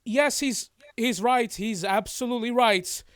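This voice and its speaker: A man's voice: extremely high pitch, unhurried, clear, resonant tone, dry recording, clean studio sound, pitched above the performer's own voice. A man voicing a smug, scheming male elf author who talks in a fawning, showy and wordy way. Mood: gloating.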